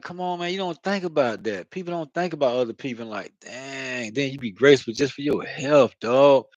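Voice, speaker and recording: A man's voice: a little high, no echo, muffled recording. A man talking casually into his own vlog, rambling and profane, often asking "you know what I mean". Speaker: channel host. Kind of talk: casual spiritual vlog monologue.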